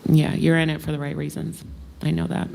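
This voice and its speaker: Tearful low-voiced woman chairing a meeting. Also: flat delivery, a little fast, vocal fry, a little mellow, slight background noise. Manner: emotional, apologetic. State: tearful, voice breaking. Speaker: board chair. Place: county board meeting chamber, at the dais.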